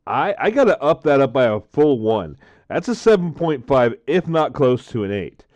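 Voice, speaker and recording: A man chatting casually to camera while tasting drinks, rambling, repeating himself and filling pauses with frequent "uh, um" sounds. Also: medium pitch, sing-song, darkish tone, no room sound.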